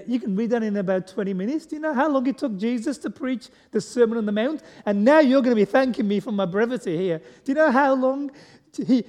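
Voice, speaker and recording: Speaking in a high, slightly mellow voice, a visiting preacher gives a chatty sermon full of questions for the congregation. He jokes at his own expense, and the recording carries the long echo of a large hall.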